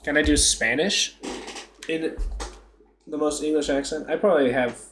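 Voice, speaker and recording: A man's voice: on the high side, steady tone, normal speed, a bit bright, a little hiss or hum. A young man chatting casually on a live stream, joking, self-mocking and laughing often.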